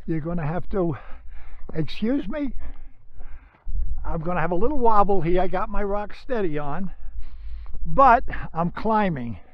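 Seventies guy vlogging on a windy hill, out of breath, oohing and wowing, slow high voice. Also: animated, dry recording, muffled recording. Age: 70s. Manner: awestruck, exclaiming, breathless. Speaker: travel vlogger. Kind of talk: handheld travel vlog narration. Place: outdoors on a windy hilltop.

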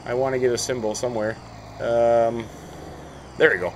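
A man's voice: mid-range voice, flat delivery, normal speed, slight background noise, low-quality recording. A man hosting a farming game let's play, chatting casually as he plays, thinking aloud and often breaking into mild exclamations. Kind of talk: casual gameplay commentary.

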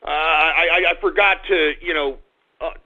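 A man hosting a live radio show, exasperated, yelling and ranting at his dog. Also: fairly high pitch, fairly even intonation, normal speed. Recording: tinny phone-like radio audio.

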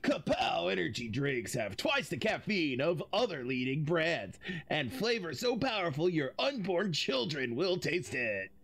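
Man doing a surfer-stoner energy drink announcer, brash, hyped, loud ad pitch. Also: very animated, a little slow, gravelly, exaggerated voice. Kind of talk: mock advertisement reading.

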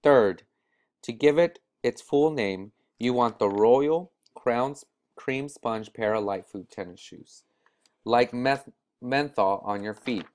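A man's voice: mid-range voice, slow pace, darkish tone, natural voice. A man voicing a shrewd old male shoe-store owner in a story reading, speaking in a dry, knowing, matter-of-fact way.

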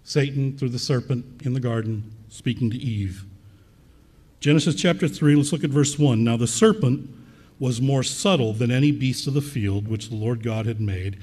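A man preaching a sermon in a church, reading scripture aloud and repeating key words for emphasis, with a slightly husky voice. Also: medium pitch, moderate pace, a little mellow, long reverb tail.

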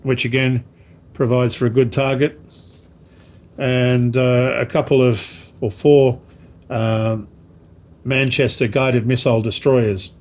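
A man casually showing off a parcel of model ships to camera, rambling slowly with many ums and asides. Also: medium pitch, flat delivery, darkish tone. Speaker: wargaming hobby vlogger. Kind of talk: casual unboxing chat to camera.

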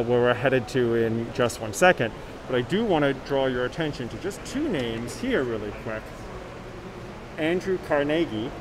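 Chatty male tour guide, mid-pitched, phone mic while walking, faint street noise behind. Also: rough recording. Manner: chatty, reads viewer comments aloud. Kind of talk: live-streamed walking tour. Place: inside a library, then outdoors on a city street.

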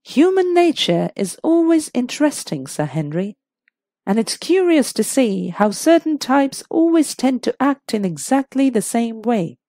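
A woman voicing a shrewd, gentle elderly spinster who solves mysteries, in a precise, soft-spoken manner. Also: a little high, very animated, a little slow, no echo, studio quality, heavily acted.

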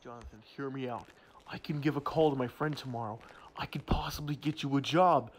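An apologetic boss, voiced by a man in an amateur game movie, pleading with his fired friend and repeating himself in a plain, mid-pitched voice. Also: fairly even intonation, a little fast, slight background noise, lightly acted. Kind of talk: amateur game-video voice acting.

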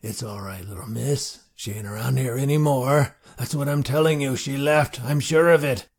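A man voicing a tall, old cowboy marshal with a dry, grumbly, low drawling voice. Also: normal speed, slightly rough. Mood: gruff.

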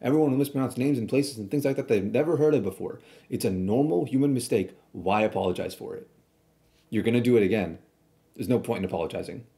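A man's voice: mid-range voice, fast, dark tone. A man streaming a reaction video, arguing bluntly in a casual, rambling way with frequent restarts.

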